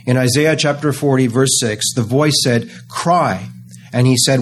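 A man preaching a sermon, earnest and emphatic, slowing down to stress key phrases. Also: medium pitch, slight background noise.

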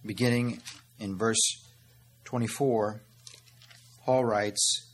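A pastor delivers a sermon in a husky, breathy voice of ordinary pitch. He pleads earnestly with his congregation, poses rhetorical questions and answers them, and keeps calling them "beloved" and "my friend". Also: slow pace, pauses often. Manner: earnest preaching, calls listeners "beloved" and "my friend".

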